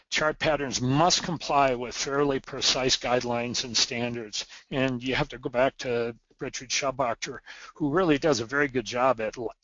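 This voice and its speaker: A man's voice: medium pitch, fairly bright tone, dry recording, muffled recording. A man teaching market chart principles in a recorded lesson, earnest and emphatic, repeating the words he wants to stress, with small restarts. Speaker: trading educator.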